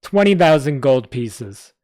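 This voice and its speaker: A man's voice: medium pitch, fairly quick, no echo, clean studio sound, natural voice. A man voicing a small, hunched, greedy goblin with a New York accent who snorts and mocks. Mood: angry. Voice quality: loud, snorting and mocking.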